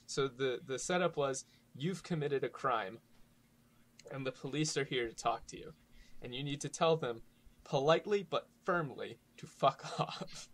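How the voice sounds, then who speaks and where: A man's voice: mid-range voice, measured pace, a bit bright. A young man chatting casually as a podcast guest, joking and sardonic, often laughing. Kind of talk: casual comedic chat.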